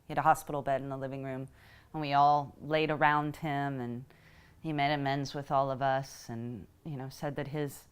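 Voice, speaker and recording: A woman telling a personal story in a reflective, emotional way, pausing often as she speaks. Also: a bass voice, level tone, clean tone. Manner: reflective and emotional, halting with pauses. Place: Houston.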